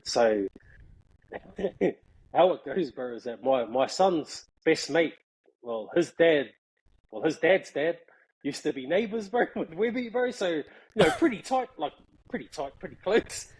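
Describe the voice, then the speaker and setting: Laughing, husky New man. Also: a little high, expressive, a little slow, low-quality recording. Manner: laughing, slangy, peppers speech with "bro". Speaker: guest. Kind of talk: casual storytelling chat.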